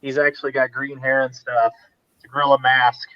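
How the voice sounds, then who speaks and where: A man's voice: medium pitch, flat delivery, a little fast, dry recording. A man in his forties, a guest mask maker, chatting casually and joking over a video call. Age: 40s. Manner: jokey, easygoing. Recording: dull, dry video-call audio.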